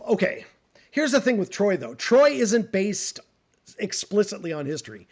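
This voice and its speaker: A young man chatting on a live stream, answering history questions in an animated, opinionated way and often repeating words as he goes. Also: high-pitched, normal speed, breathy edge. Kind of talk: casual live Q&A chat.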